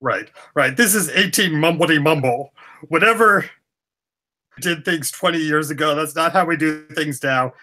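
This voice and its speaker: Male player, bright tone, stammers and restarts while speaking in character. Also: a little high, moderate pace. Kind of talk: tabletop role-play, in and out of character.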